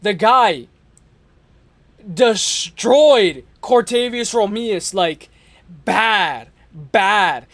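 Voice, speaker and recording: A man's voice: high voice, a bit bright, no echo. A young man hosting an MMA preview show, talking in a casual, rambling, slangy way and correcting himself often. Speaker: MMA podcast host. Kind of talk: casual fight preview talk.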